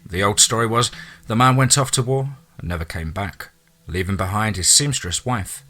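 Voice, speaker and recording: A man narrating a listener's true ghost story in a dramatic storytelling manner, dropping into low asides. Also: moderate pace, sharp tone.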